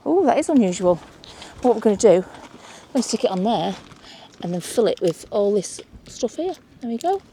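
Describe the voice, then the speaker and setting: A woman's voice: mid-range voice, sing-song, moderate pace, warm tone, a little hiss or hum. Woman host, outdoor beach vlog, chatty and exclamatory. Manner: chatty, exclaiming over finds. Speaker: mudlarking vlogger. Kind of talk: casual chat while searching a beach.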